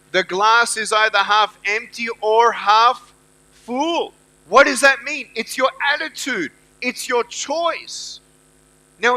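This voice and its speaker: With an extremely high pitch, a motivational speaker in his thirties inspires a live audience. He's emphatic, echoes lines to the crowd, and shifts from loud outbursts to hushed storytelling.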